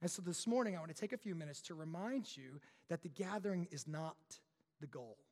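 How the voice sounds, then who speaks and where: A young adult man preaching a sermon as pastor, an animated storyteller who builds tension and then drops quiet. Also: fairly high pitch, fairly quick. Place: church sanctuary. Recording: long hall reverb.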